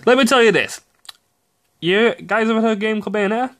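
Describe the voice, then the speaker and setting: A young man giving profane, ranting commentary on video games, excitable and quick to burst out shouting. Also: sits high. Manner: excitable, swears often, sudden shouty outbursts. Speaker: gaming commentator.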